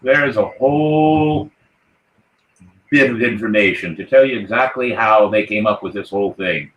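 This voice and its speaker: A man's voice: fairly low pitch, normal speed, a bit bright, roomy sound, lo-fi sound. A man hosting a live pirate-themed podcast, talking in a hearty, playful way as the ship's captain. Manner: hearty, toasting, rallying the crew. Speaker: podcast host.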